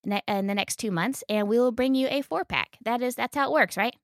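A woman's voice: fairly high pitch, fairly quick, dry recording, clean studio sound. A woman co-hosting a casual podcast, talking in an enthusiastic, teasing way. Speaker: podcast co-host.

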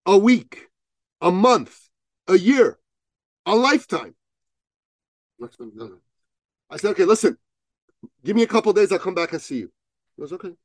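A man telling a story as a podcast guest, acting out both sides of the dialogue with rising, loud peaks. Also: on the high side, dry recording, studio quality. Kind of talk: animated storytelling in an interview.

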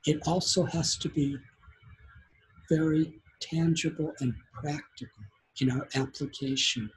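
Slow, earnest male spiritual teacher. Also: fairly high pitch, steady tone, husky, low-quality recording. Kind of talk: devotional sermon storytelling.

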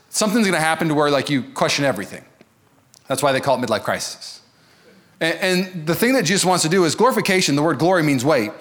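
A male pastor preaching a sermon to a church congregation, animated and acting out the voices of the people he quotes. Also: on the high side. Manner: animated, acts out quoted voices, quick asides. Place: church service.

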